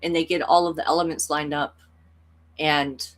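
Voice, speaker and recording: A tarot reader with a deep voice speaks in a level tone at a moderate pace. In a reflective personal vlog, she rambles earnestly and emotionally through a personal story, peppering it with "like" and "you know."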